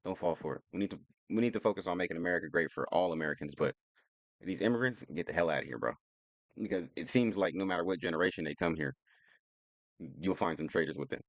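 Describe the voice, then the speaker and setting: A man's voice: low-pitched, fast talker, no room sound. A man hosting a reaction commentary, talking bluntly and preaching straight at his viewers. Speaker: commentary host reacting to clips.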